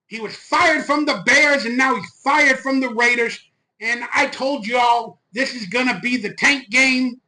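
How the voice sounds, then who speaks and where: A man hosting a fan channel, ranting loud, fired-up and profane on a live stream into a phone. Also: very high-pitched, poor audio.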